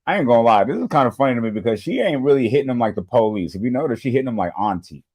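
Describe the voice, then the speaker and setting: A man hosts a casual reaction video, with a mid-pitched voice that swings widely as he jokes. He talks in loose slang and keeps breaking into short impressions of the people he's watching. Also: slight background noise. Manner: animated and slangy, acts out quick impressions.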